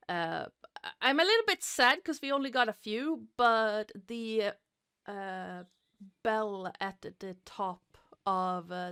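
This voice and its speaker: A woman's voice: medium pitch, a bit bright, smooth, no echo, studio quality. A woman narrating a tabletop horror game as game master, hesitant and full of fillers.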